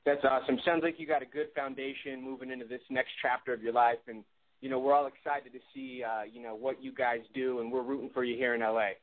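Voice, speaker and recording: A man's voice: mid-range voice, steady tone, quick pace. A man calling in to a radio show, rambling playfully through a long question. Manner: rambling, playful, lists names at length. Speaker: caller. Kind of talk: call-in question. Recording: tinny phone line.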